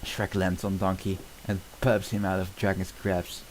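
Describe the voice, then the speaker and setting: A man's voice: deep voice, level tone, normal speed, slight background noise, poor audio. A man streaming as he reads a film script aloud, often stumbling and restarting mid-sentence, with casual asides.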